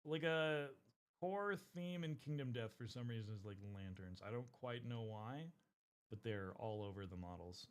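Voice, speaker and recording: A man's voice: medium pitch, moderate pace, clean tone. A man streaming while painting miniatures, chatting casually with his viewers, rambling and swearing often. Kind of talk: casual live-stream chat.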